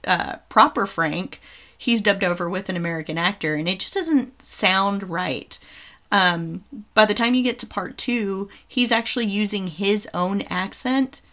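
A woman's voice: mid-range voice, fairly bright tone. A woman co-hosting a podcast, chatting casually about films with frequent ums. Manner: chatty, nitpicking, many ums. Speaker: podcast co-host. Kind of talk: casual film chat.

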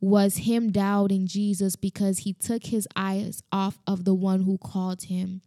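A woman's voice: mid-range voice, little pitch movement, unhurried, dark tone, no echo. Earnest woman preaching, dry sound. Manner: earnest, repetitive, personal testimony. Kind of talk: devotional sermon.

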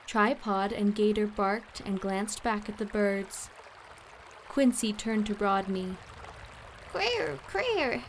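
A woman narrating a children's animal storybook in a clear, storytelling manner. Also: mid-range voice, level tone, slow pace, a little hiss or hum. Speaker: audiobook narrator.

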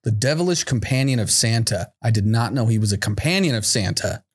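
A man's voice: medium pitch, animated, a little fast, breathy edge. Joking male podcast host. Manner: joking, laughs through his lines. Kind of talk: casual podcast chat, reading out holiday legends.

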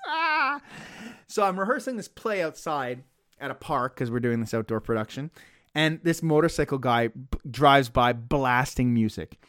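Man, podcast host, lively swinging pitch, fairly high voice, dry close sound, swears a lot. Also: no room sound. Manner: animated, profane, laughs mid-sentence. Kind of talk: casual podcast chat and reading listener mail.

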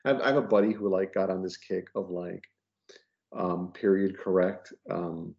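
A comic book letterer appears as a podcast guest, chatting casually in a low-pitched, slightly mellow voice with vocal fry, a steady tone and moderate pace. He rambles with lots of fillers and restarts, and the audio is dull and lo-fi.

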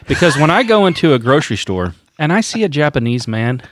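A man's voice: on the high side, big pitch swings. A man co-hosting a podcast, joking and teasing his partner in casual chat. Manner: playful, teasing, talks in quick bursts. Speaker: podcast co-host.

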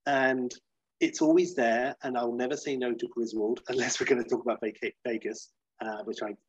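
A man's voice: moderate pace, slightly rough, no room sound, dull audio. A man chatting casually as a podcast co-host, reviewing films and acting out quotes in silly voices. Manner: animated, acts out quotes in high silly voices. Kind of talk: casual film review chat.

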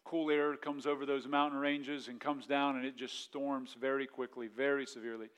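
A male pastor preaching a sermon, telling the story with lively acted-out panic and dropping to quiet, reflective asides. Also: mid-range voice, moderate pace, smooth. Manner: animated storytelling, acts out the disciples' panic in a raised voice; drops to a quiet, soft delivery for reflective points.

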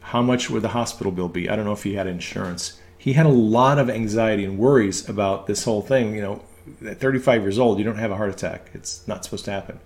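A man's voice: fairly low pitch, quick pace, darkish tone. A man, an ambulance medic, giving a casual religious teaching talk, hesitating with frequent ums and restarts. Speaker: ambulance medic speaking on faith.

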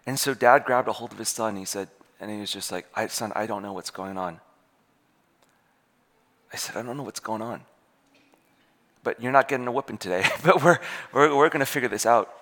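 This preacher speaks briskly in a lowish voice, leaving long pauses as he tells a sermon story. He animatedly acts out each character's voice, and the church hall adds a long, trailing reverb.

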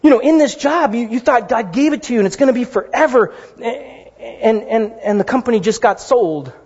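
Husky middle-aged pastor preaching, chatty and lively, dull lo-fi sound, long hall echo. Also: male voice, very high-pitched, normal speed. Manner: conversational, animated storytelling with asides. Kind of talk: sermon. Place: church sanctuary.

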